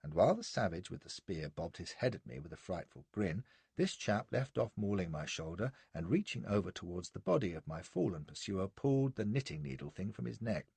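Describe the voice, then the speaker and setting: A man narrating a first-person period novel in a wry, expressive storytelling manner. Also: deep voice, fairly quick, gravelly, slightly rough, no room sound. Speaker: audiobook narrator.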